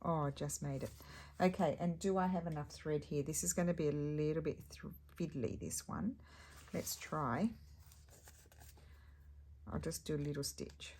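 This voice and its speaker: Low-voiced woman chatting through a craft project. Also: normal speed, darkish tone, a little hiss or hum. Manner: chatty, thinks aloud while working, trails off and restarts. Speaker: crafting vlogger. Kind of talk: casual craft tutorial chat.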